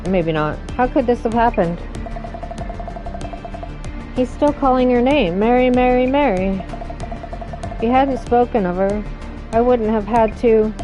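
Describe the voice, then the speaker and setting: Woman reading game dialogue over music. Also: on the high side. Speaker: let's play narrator reading all characters.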